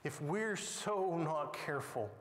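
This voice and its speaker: Sunday school teacher, male, high-pitched and emphatic, heard in a reverberant church room. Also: expressive, takes it slowly. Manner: dramatic, emphatic storytelling. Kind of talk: Bible lesson. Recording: echoey hall with long reverb.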